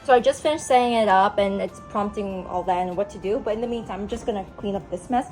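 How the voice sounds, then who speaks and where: A woman's voice: mid-range voice, fast, darkish tone, soft background music. A young woman in a casual home vlog, chatting through an unboxing with lots of fillers and asides to her pets. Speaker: beauty vlogger. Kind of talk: casual product review vlog.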